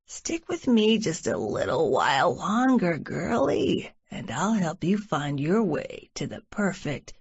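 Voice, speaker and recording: A leering, drunken older man slurs his threats in a low, growling drawl, as a woman narrator puts him on. The audiobook delivery stays slow and heavy, and the recording sounds slightly muffled and lo-fi. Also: very animated, creaky, slightly rough, heavily acted. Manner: slurred, menacing, growling. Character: drunk leering older male train creep.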